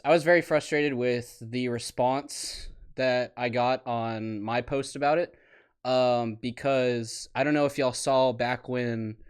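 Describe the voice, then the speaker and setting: A man's voice: medium pitch, clean tone. A young man hosting a casual podcast chat, chatty and prone to tangents, laughing at his own stories. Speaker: podcast host.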